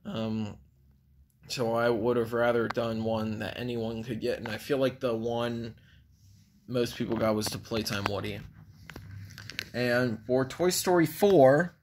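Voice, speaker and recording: A man's voice: medium pitch, fairly even intonation, measured pace, a little mellow, slight background noise. A man giving a casual video review of toys, rambling with frequent ums. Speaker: toy reviewer.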